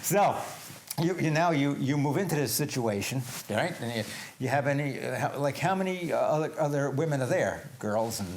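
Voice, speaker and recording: A man's voice: mid-range voice, expressive, normal speed, a little hiss or hum. A man hosting a talk show interview, emphatic and speaking to the audience as folks. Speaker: host.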